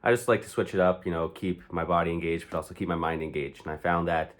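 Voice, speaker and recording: Upbeat lower-voiced male fitness vlogger. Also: steady tone, fast talker. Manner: upbeat, loose, swears casually. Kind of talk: casual vlog talk to camera.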